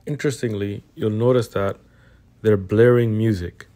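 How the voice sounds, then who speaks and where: A man giving calm, explanatory voice-over commentary on a street encounter. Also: fairly low pitch, moderate pace. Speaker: narrator.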